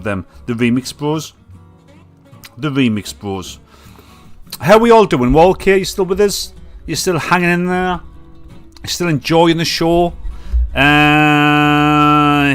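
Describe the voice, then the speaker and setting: A man's voice: a little high, a bit bright. A man with a Mackem accent hosting a casual live-stream chat, rambling and swearing freely. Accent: Mackem (Sunderland).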